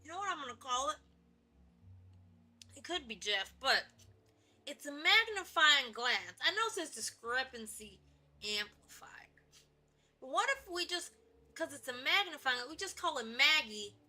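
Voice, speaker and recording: A woman streaming a video game with playful, goofy commentary, often dropping to whispers and then jumping to shouts. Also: sits high, very animated, measured pace, long pauses. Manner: goofy, theatrical, drops to whispers and jumps to shouts.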